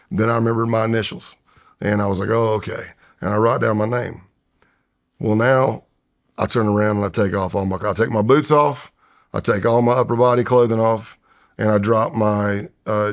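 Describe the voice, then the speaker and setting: A man's voice: fairly low pitch, fairly even intonation, normal speed. A man in his fifties, a retired undercover agent, telling a tense story in an interview and acting out his own past voice and whispers. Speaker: retired FBI undercover agent, podcast guest. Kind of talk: storytelling in a long-form interview.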